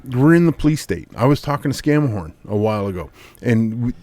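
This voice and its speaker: Man telling stories in casual chat, animated and expressive, recorded dry. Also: medium pitch, quick pace, no echo. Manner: animated storyteller, acts out quotes.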